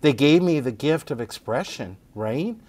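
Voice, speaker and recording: Speaking a little slowly in a mid-range voice, a middle-aged man who writes plays tells stories as a guest in casual talk. He's animated, laughs a lot, and keeps asking "right?".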